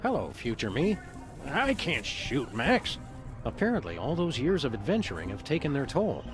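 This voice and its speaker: A man voicing a calm, upright dog detective in a video game, speaking in polite, measured, wordy phrases. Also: mid-range voice. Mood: dry. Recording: game audio under music.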